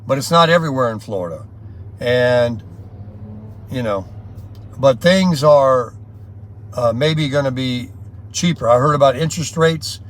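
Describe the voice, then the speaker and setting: A man's voice: medium pitch, a little slow, pauses often. A man talking in a casual, rambling, folksy vlog style. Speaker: vlogger.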